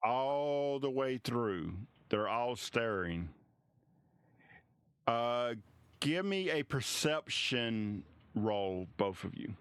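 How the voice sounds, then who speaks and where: A man narrating as game master of a tabletop game, halting and restarting often. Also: mid-range voice, expressive, clean tone, dry recording, studio quality. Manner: halting, many restarts and fillers.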